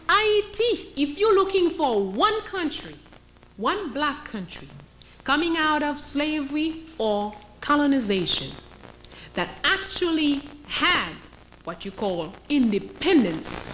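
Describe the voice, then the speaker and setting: High, lively woman lecturing. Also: slow pace, a little hiss or hum. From Haiti. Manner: emphatic, sarcastic, questions the audience. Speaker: historian and teacher. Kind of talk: lecture to an audience.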